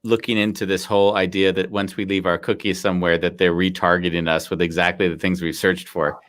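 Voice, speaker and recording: A man's voice: sits low, level tone, fairly quick, fairly bright tone. A man, hosting a casual live podcast interview and asking long, reflective questions. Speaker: podcast host.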